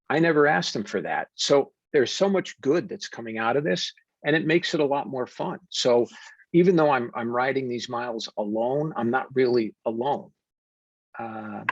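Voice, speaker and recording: American male coach, earnest, steady, muffled dry recording. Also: medium pitch, husky, no echo. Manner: warm, deliberate storytelling with frequent fillers. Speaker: wellness coach and podcast guest. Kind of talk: earnest conversational interview. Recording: dull dry remote audio.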